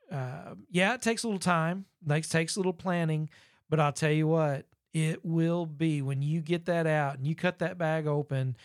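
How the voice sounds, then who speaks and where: Folksy man with a higher voice. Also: smooth, no room sound, clean studio sound. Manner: folksy, rambling with fillers. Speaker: podcast co-host. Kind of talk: casual podcast chat.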